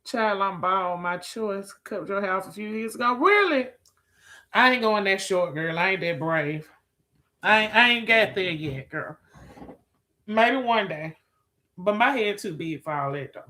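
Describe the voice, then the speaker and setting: A woman's voice: mid-range voice, animated, measured pace, sharp tone. A woman chatting with viewers on a live stream, sassy and profane, calling people girl, child and honey. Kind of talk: casual live-stream chat.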